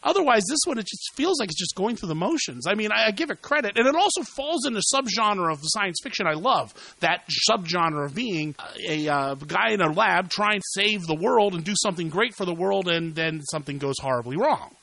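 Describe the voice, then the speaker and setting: A man's voice: high voice, expressive, a little fast, vocal fry, few pauses, pushed and bright, no room sound, poor audio. A middle-aged man hosting a casual movie review podcast, talking animatedly and repeating words when worked up.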